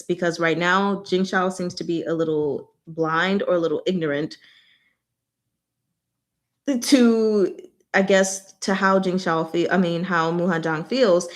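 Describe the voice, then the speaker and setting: A woman hosting a casual book discussion, animated and exclaiming, often breaking into laughter. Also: lowish voice. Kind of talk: casual chat.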